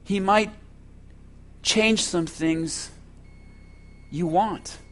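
High-voiced, slow-preaching pastor. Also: male voice, fairly bright tone. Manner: preaching with slow, emphatic delivery and rhetorical questions. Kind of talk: sermon.

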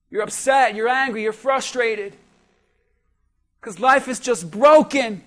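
A man preaching a sermon as a pastor, building with repeated phrases and rising to shouts. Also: very high-pitched, slow, pauses often. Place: church.

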